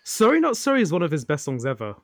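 A man's voice: on the high side, huge pitch swings, fast, gravelly, no room sound, clean studio sound. A man co-hosting a music podcast, chatting enthusiastically and laughing easily. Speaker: podcast co-host. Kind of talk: casual chat.

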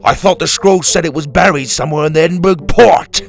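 A man's voice: on the high side, fairly quick, vocal fry, faint music behind, pitched above the performer's own voice. A man doing a roaring, furious pirate captain. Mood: enraged. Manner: roaring, loud and forceful. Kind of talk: storybook character voice.

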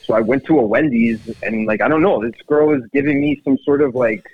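A man as a guest in a casual chat, talking in a laid-back, halting way with swearing. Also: mid-range voice, husky, dry recording, phone-quality sound.

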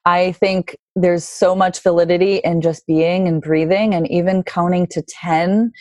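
A woman's voice: on the low side, fairly even intonation, unhurried, darkish tone, no room sound. A woman guest in a casual conversation, reflective and earnest, with frequent fillers. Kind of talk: casual chat.

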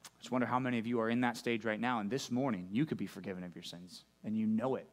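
A man's voice: fairly low pitch, fairly even intonation, fast talker. Guy pastor giving a sermon at church, chatty preachy style, keeps asking the room stuff. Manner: conversational preaching, frequent "right?" checks with the congregation. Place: church service.

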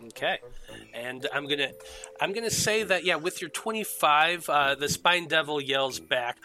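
A man's voice: fairly high pitch, moderate pace, sharp tone. A man narrating as game master of a tabletop game, talking loosely with many fillers.

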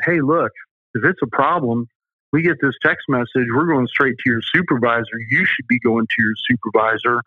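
Over a tinny, phone-like line with a dry sound, a man with a mid-range voice and a Southern US accent is interviewed. He owns a safety company and tells folksy, emphatic stories as the guest.

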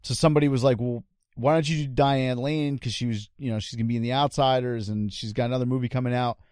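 A man's voice: medium pitch, steady tone, quick pace, a little mellow, smooth, no room sound, studio quality. A man hosting a retro game show podcast, telling stories in a chatty, laughing way. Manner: chatty storytelling, laughs often. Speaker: podcast host. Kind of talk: casual podcast banter.

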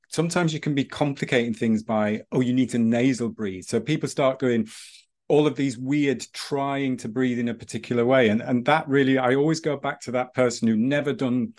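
A man's voice: medium pitch, a little fast. A man chats on a podcast about coaching runners. His mid-range voice wanders through anecdotes, circling back and restarting as he goes. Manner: storytelling, rambling with restarts. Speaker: breathing and running instructor. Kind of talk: casual podcast chat.

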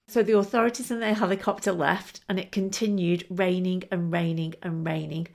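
A woman's voice: lowish voice, a little fast, gravelly, hardly any pauses. A woman hosting a storytelling podcast, narrating expressively and laughing now and then. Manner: lively, expressive, laughing between lines. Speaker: storyteller and show host.

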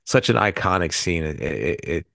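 Man, podcast co-host, deep voice, rambling, restarts often, dry sound. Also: lively intonation, normal speed, creaky, a bit bright, no room sound. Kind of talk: casual movie review chat.

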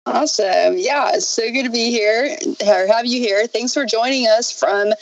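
A woman's voice: fairly high pitch, normal speed. A woman hosting an interview in an eager, upbeat way who laughs easily. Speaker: podcast host. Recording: dull lo-fi sound.

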